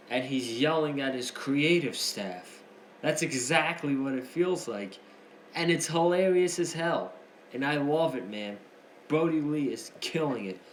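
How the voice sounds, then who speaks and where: Male wrestling reviewer, casual and excitable, average pitch, echoey home setup. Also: slight background noise. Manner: excitable, chatty, slangy ("freaking"). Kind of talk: casual recap commentary.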